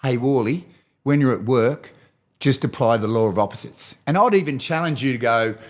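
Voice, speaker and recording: An Australian man talking as a podcast guest and movement expert, energetic and animated, coaching the host as he explains. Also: mid-range voice, moderate pace. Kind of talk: enthusiastic podcast interview talk.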